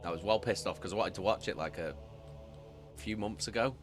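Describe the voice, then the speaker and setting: A man's voice: lowish voice, brisk, music in the background. A young man, chatting casually with his stream audience, swearing and laughing often. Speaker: streamer reading a novel with chat. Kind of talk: casual live-stream chat.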